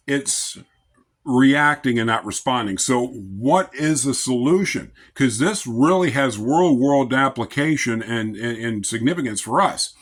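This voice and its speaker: Male lay preacher, average pitch, unhurried and even-tempered, speaks plainly and conversationally. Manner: calm, measured, conversational. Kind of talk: informal devotional talk.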